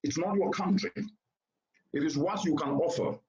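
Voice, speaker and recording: High-voiced man giving an oratorical keynote. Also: normal speed. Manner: oratorical, emphatic, repeats points for stress. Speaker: keynote speaker. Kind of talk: formal keynote address. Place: conference venue before a seated audience. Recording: roomy, slightly dull sound.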